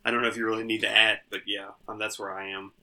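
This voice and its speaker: Giggly very bright-voiced guest man. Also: fairly low pitch, little pitch movement, quick pace. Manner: giggly, riffing, laughs often. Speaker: podcast guest. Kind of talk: casual comedic chat.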